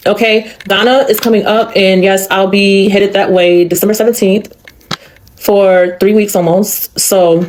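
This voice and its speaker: A woman's voice: mid-range voice, little pitch movement, measured pace, darkish tone, a little hiss or hum. Exasperated woman ranting to camera. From United States. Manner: frustrated, exasperated, rhetorical questions. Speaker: vlogger. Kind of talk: casual selfie video rant.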